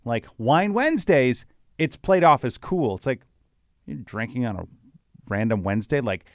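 A man's voice: mid-range voice, animated, moderate pace, no room sound, studio quality. A man co-hosting a podcast, agreeable and reflective in casual chat. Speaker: podcast co-host.

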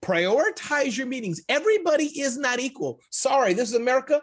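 A man answering as a business guest in casual interview chat, energetic, emphatic and joking. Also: very high-pitched, a little fast. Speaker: guest, entrepreneur.

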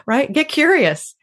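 A woman's voice: high-pitched, fairly bright tone. A woman guest in an interview, speaking reflectively and laughing often. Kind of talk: conversational interview.

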